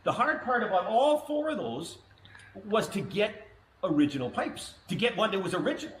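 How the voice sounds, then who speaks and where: A man's voice: high voice, big pitch swings, normal speed, fairly bright tone. A male snowmobile collector giving an enthusiastic, casual tour of his sleds, explaining each one as he goes. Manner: enthusiastic, explanatory, laughs easily. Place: pole barn. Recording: echoey barn with faint background noise.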